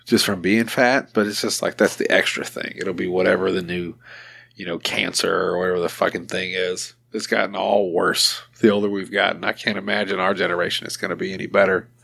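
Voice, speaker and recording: A man hosting a podcast, talking in an easygoing, profane way. His voice sits a bit low and has a gravelly, fry-edged texture. He laughs easily between remarks. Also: steady tone, fairly quick, sharp tone. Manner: laid-back, swears freely, laughs often. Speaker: podcast host. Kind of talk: casual chat.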